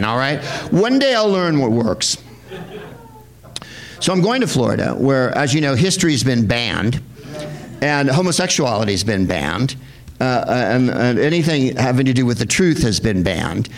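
A man hosting a film screening, talking to a live audience in a rambling, sardonic, profane comic style. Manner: rambling, sardonic, profane, with sudden high-pitched put-on voices.

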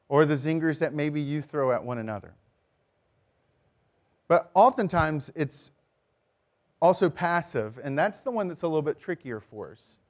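A man preaching a sermon as pastor, lively, sometimes mimicking passive-aggressive remarks in a high voice.

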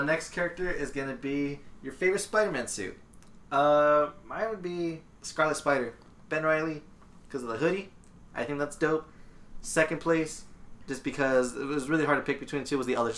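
A man's voice: mid-range voice, moderate pace. A man hosting a casual chat among friends, rambling with lots of fillers as he explains. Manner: rambling, filler-heavy, relaxed. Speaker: podcast host leading the segment.

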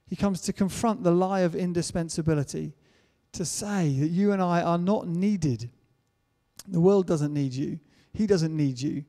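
A man's voice: on the high side, unhurried, warm tone. Preaching man in a reverberant hall. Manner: earnest, building to emphatic declarations. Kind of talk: sermon. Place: church hall.

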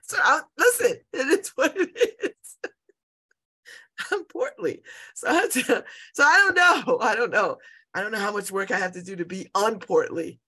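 A woman in her fifties hosts a show and talks casually to her listeners, rambling from one story to the next. Her voice is bright and forceful, and she laughs often and repeats herself as she goes. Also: medium pitch, lively intonation, normal speed, slightly rough. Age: 50s. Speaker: show host. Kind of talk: casual personal chat.

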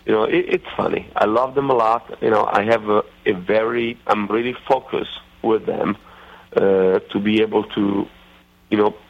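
A man with an Italian accent, a racing driver guest on a radio interview, talking haltingly with many fillers and restarts. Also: on the low side, steady tone, creaky. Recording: dull lo-fi radio audio.

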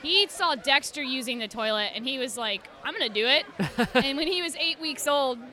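A young woman cosplayer, a podcast guest, telling stories in a lively, laughing way. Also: sits high, moderate pace, some chatter behind. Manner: animated, laughing storyteller. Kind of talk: casual podcast chat.

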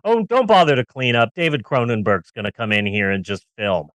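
A man's voice: medium pitch, very animated, brisk, fairly bright tone, no room sound. A man co-hosting a casual movie-review podcast, ranting sarcastically and riffing with jokes. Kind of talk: casual comedic film review chat.

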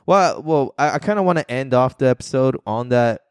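A man's voice: medium pitch, expressive, a little fast, smooth, no room sound, clean studio sound. A man co-hosting a podcast in laid-back, casual chat, swearing and saying bro. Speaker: podcast co-host.

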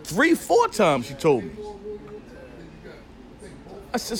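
A man's voice: a little high, unhurried, pauses often. A man who is a podcast guest, telling a personal story in a casual, profane way and acting out the dialogue. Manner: animated, profane, acts out dialogue.

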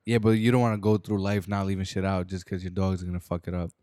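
A man's voice: low voice, little pitch movement, fast talker, warm tone, smooth, no echo, studio quality. A man co-hosting a podcast, chatting casually with friends and swearing easily. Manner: swearing, laid-back banter. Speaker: podcast co-host. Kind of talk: casual chat.

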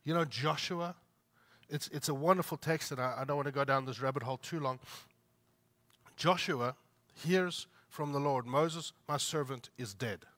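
A man's voice: on the high side, moderate pace, long pauses, a bit bright. A man preaching a sermon, emphatic, repeating his points and asking the listeners rhetorical questions. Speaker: pastor.

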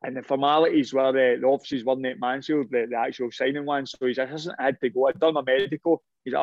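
A man's voice: mid-range voice, fast talker, few pauses, dry recording, highs cut off. Man telling rambling football stories. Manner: rambling, animated anecdotes with repeated restarts. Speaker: former professional footballer. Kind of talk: casual interview storytelling.

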